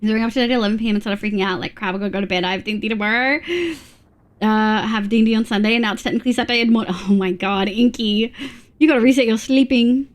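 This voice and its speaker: A woman's voice: fairly high pitch, steady tone, very fast. Chatty woman streaming live. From Australia. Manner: chatty, reads chat aloud, frequent laughs. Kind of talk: casual live-stream chat.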